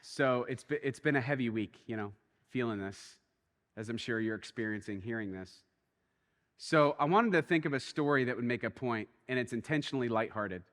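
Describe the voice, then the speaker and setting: A man preaching a sermon as a pastor, telling a story in an animated way that swings between quiet and excited. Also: mid-range voice, brisk, long reverb tail. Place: church.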